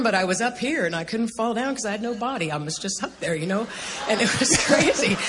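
A woman's voice: medium pitch, expressive, a little hiss or hum. Earnest American woman in reverb. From United States. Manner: earnest, halting, emotional storytelling. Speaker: testimony speaker. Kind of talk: personal testimony. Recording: long hall reverb, faint ambience.

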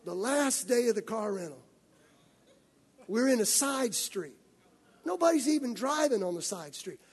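Brief: male pastor, husky, high voice, lively sermon storytelling. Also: a little slow. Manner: animated storytelling, acting out scenes.

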